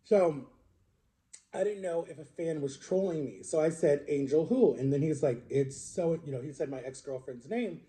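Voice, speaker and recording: A man's voice: a little high, normal speed, mellow. A young adult man telling a long personal story in a casual, rambling way, full of fillers and restarts. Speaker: social media creator.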